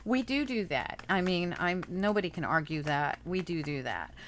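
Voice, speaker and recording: A woman's voice: lowish voice, lively intonation, moderate pace, fairly bright tone, slight background noise. A woman doing a casual tarot reading, chatting and thinking aloud as she turns the cards over. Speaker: tarot reader.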